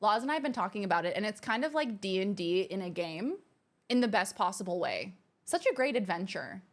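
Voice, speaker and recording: A woman hosting a livestream from her home streaming room, chatting casually and reading out viewer messages in a bubbly, gushing way that is quick to exclaim. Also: mid-range voice, sing-song. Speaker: livestream host.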